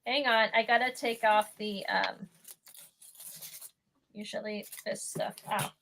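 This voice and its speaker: A woman's voice: mid-range voice, steady tone, slow pace, vocal fry, a bit bright, slight background noise. A woman guest artist chatting casually about her work, hesitant and self-deprecating, with many fillers. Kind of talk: casual chat.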